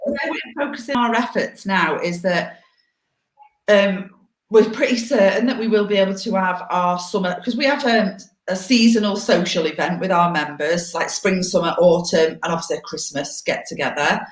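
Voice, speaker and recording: A woman's voice: lowish voice, moderate pace. A woman in her forties co-hosting a casual live chat over a video call, candid and teasing. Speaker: co-host. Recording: echoey room on a video call.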